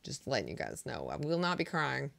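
A young woman streaming music, chatting with her viewers in a flat, deadpan, monotone way. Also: rumbling low, brisk, gravelly, no echo. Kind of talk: casual chat with live chat.

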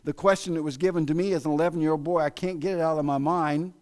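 A man preaching a sermon in a church, with an American accent, swinging between loud exclamations and hushed asides. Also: on the high side, steady tone, quick pace. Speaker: pastor. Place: church sanctuary.

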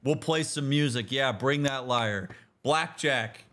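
A man giving casual, animated let's-play commentary as a therapist, talking in slang with restarts and leaping into excited outbursts. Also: medium pitch, slow pace. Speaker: therapist commenting on a video game.

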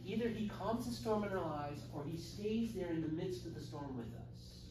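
A man's voice: sits high, moderate pace. A man teaching a church confirmation class, asking the students questions and acting out the voices in the story. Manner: animated, acts out story voices. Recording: echoey room from far off, noisy.

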